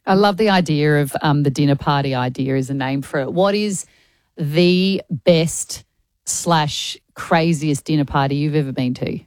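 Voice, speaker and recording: A woman's voice: deep voice, a little slow, darkish tone, dry recording. A woman from Australia hosting an interview, chatty and playfully teasing her guest. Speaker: radio host. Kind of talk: casual interview chat.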